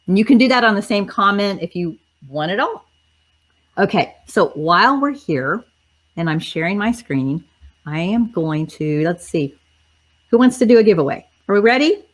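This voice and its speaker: A woman's voice: medium pitch, lively intonation, normal speed. A woman hosts a livestream on a video call. She chats with viewers in an upbeat way, and her voice cracks and tires. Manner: chatty, upbeat, talks to viewers directly. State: voice cracking and tiring. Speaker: host. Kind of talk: casual livestream chat.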